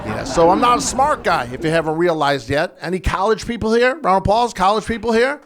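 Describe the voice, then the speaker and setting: A man's voice: high-pitched, expressive, a little fast, some chatter behind, slight background noise. A man in his fifties performing a self-deprecating stand-up comedy routine on a club stage, with punchy delivery. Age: 50s. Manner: self-deprecating, punchy, shouts sound effects. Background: audience laughter.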